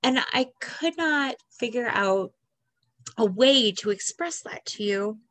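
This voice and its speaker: A woman in her forties hosting a podcast, talking through tears in a halting, earnest personal monologue. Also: fairly high pitch, lively intonation, a bit bright. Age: 40s. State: crying. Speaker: podcast host.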